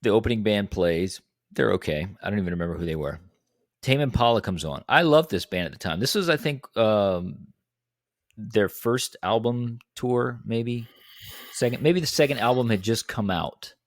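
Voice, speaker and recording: A young man in a casual podcast chat, telling a story in an animated way and acting out quotes in a higher voice. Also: normal speed, no room sound, clean studio sound. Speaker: podcast co-host.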